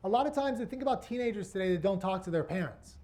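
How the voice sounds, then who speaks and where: Animated man with a high voice. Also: quick pace. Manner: animated, asks the audience rhetorical questions. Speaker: workshop presenter. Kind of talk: interactive teaching talk.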